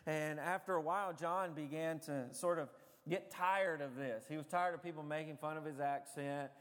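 Male pastor, slightly high voice, chatty storytelling sermon, long church reverb. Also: steady tone, moderate pace, fairly bright tone. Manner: conversational storytelling with frequent 'uh' fillers.

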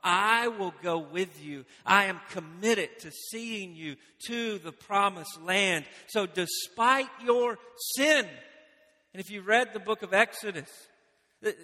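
A man preaching a sermon, building to emphatic repeated phrases and dropping to quiet moments. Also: sits high. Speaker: pastor. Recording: long reverb of a large hall.

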